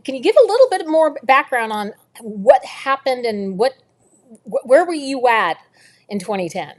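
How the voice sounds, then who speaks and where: A woman hosting a book club interview over a video call, asking questions in a conversational, halting way. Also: on the high side, expressive.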